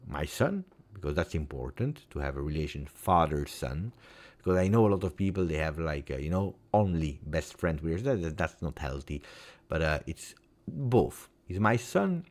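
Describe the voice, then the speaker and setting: A man's voice: extremely low pitch, very animated, normal speed. A man in his forties with an Italian accent, hosting a casual live stream, emotional and repeating himself. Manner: emotional, repeats words, shifts between loud and soft. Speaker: football fan channel host.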